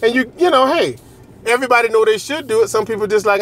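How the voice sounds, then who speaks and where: High-voiced joking man with drawl. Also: fast talker, a bit bright. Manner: loose, joking, repeats phrases, laughs often, swears. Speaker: vlogger. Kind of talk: casual direct-to-camera monologue.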